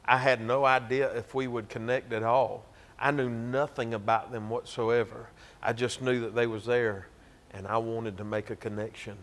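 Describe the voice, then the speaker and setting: A man's voice: medium pitch, flat delivery, moderate pace, few pauses, a bit bright. A man with a Georgia Southern accent, preaching a sermon as a pastor and telling a story in a folksy, emphatic way. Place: church.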